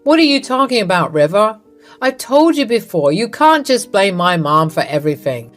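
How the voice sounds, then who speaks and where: A woman's voice: mid-range voice, big pitch swings, normal speed, soft background music, natural voice. A woman voicing a worried, earnest husband in a narrated story. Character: worried husband, man, apologetic.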